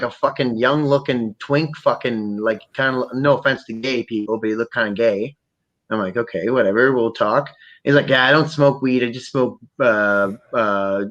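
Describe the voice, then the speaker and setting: A man from Canada hosting a podcast, talking in a rambling, profane, animated way. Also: medium pitch, dull audio. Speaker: podcast host. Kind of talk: casual chat.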